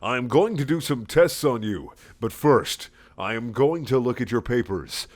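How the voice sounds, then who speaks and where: A man's voice: medium pitch, lively intonation, measured pace, lightly acted. A man voicing a stiff, overly formal middle-aged doctor in a comic reading of a fan story.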